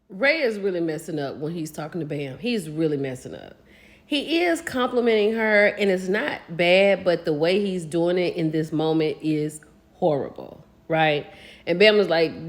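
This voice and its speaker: A woman's voice: mid-range voice, unhurried. A woman, chatting casually as she recaps a reality show, gossiping and acting out what people said. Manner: animated, gossipy, acts out quotes.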